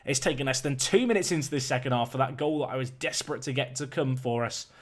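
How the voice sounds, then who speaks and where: A young man giving lively play-by-play commentary on a football management video game, climbing in excitement on big chances. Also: medium pitch, quick pace.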